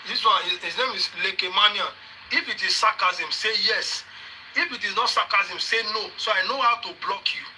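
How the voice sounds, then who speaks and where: A man's voice: high-pitched, moderate pace, pushed and bright, slight background noise, rough recording. A man with a Nigerian accent, mixing Yoruba and pidgin, hosting a live social media session and confronting viewers with repeated pointed questions. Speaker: livestream host.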